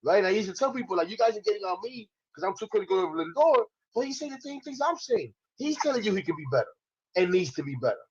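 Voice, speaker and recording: A man's voice: high-pitched, big pitch swings, quick pace, lo-fi sound, a little hiss or hum. A man co-hosting a sports podcast, chatting in a laid-back, agreeable way. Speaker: podcast co-host. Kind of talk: casual sports chat.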